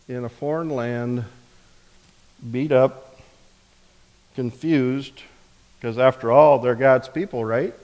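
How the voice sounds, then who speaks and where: A man's voice: medium pitch, a little mellow. A man preaching a sermon in a conversational way, with many rhetorical questions. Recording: reverberant hall.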